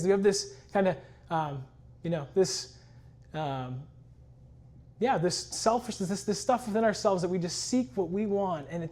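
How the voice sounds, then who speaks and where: A man's voice: high voice, a little mellow. A man sharing his personal testimony in an earnest, reflective storytelling way. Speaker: church member giving a testimony.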